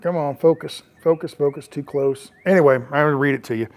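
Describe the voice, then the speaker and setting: A man's voice: on the high side, fairly quick. A middle-aged man, chatting loosely on his porch with lots of fillers and restarts. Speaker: travel vlogger. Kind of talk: rambling casual chat. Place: on a porch, outdoors.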